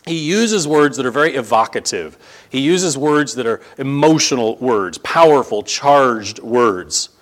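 A man preaching a sermon in a conversational style that builds to emphatic, animated stress. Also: medium pitch, unhurried. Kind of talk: sermon teaching.

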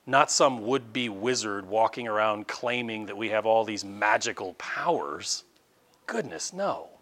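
A middle-aged man, a pastor, preaching an impassioned sermon that swings from loud emphatic outbursts to quiet asides. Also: on the low side, animated, measured pace. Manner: closes in prayer.

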